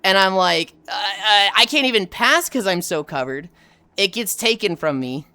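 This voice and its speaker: A woman's voice: medium pitch, moderate pace, no room sound. A woman streamer telling rambling stories from her school days in casual, profane chat while greeting viewers. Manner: profane, rambling, animated retelling.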